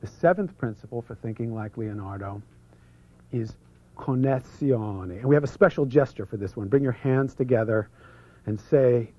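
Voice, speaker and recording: A man presenting an instructional seminar, energetically drawing out foreign terms for the audience to repeat and sometimes dropping to a hush. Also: medium pitch, moderate pace. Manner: drops to a hush for some passages. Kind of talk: instructional seminar talk leading audience repetition. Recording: muffled lo-fi video recording.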